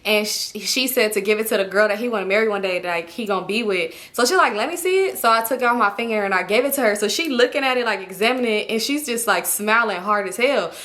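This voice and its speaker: A young woman telling a personal story to camera in a casual, slangy, animated way, often laughing. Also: mid-range voice, quick pace, few pauses. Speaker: storytime vlogger.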